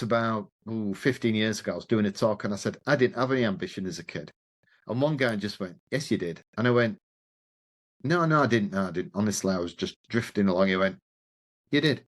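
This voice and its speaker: Animated man telling stories. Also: fairly low pitch. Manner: animated, acts out quoted dialogue, swears casually. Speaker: podcast guest. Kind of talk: conversational storytelling.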